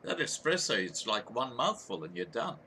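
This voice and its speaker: A man's voice: medium pitch, very animated, normal speed, pushed and bright, a little hiss or hum. A man hosting a live panel, interjecting comments and starting his sentences over when he hesitates. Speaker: show host.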